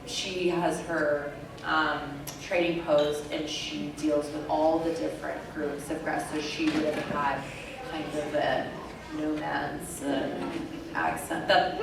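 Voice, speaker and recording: A woman on a convention panel, telling a story in a chatty, animated way with lots of fillers. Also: low-pitched, slow pace, gravelly, noisy background. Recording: echoey hall from far off.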